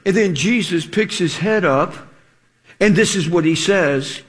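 A man preaching a sermon in an animated, rhetorical way, acting out the quotes he reads. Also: high-pitched, unhurried, slightly rough.

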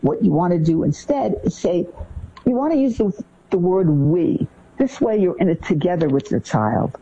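Woman co-host, animated advice-giver, warm husky voice, dull lo-fi recording. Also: normal speed. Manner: animated, acts out parent phrases in a higher voice. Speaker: co-host giving parenting advice. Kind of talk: conversational advice talk.

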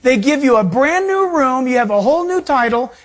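A man's voice: very high-pitched, expressive, a little fast. A male pastor and Bible teacher delivering a sermon, preaching emphatically with repeated phrases and rising emphasis.

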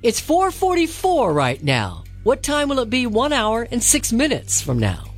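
A woman reads quiz questions quickly and clearly on a radio show. Her voice sits a little high with a lively pitch. Faint music plays under her. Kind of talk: reading quiz questions on air.

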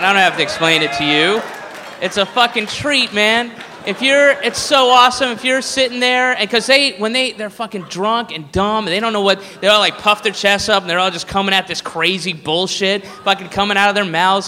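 A male stand-up comedian who rambles and swears for emphasis. His voice is high and bright. It carries a long reverb from a large venue, with faint ambience behind it. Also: slight background noise. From Southern United States.

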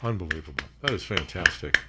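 A man hosting a talk radio show, telling stories in a casual, animated way with frequent laughs, on a studio microphone. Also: sits low, fast talker, very noisy. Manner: animated storyteller, laughs often, restarts.

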